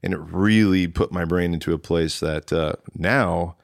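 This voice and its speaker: Speaking a little slowly in a low-pitched voice with vocal fry, a male drummer on as a guest rambles through a story in casual talk. He acts out the dialogue people said to him, restarting as he goes. The audio is clean studio sound with no room sound.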